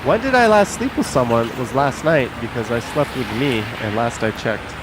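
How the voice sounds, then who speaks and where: A man's voice: medium pitch, lively intonation, normal speed. A man hosting a casual live stream, joking and reading out viewer comments. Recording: loud street crowd and traffic noise.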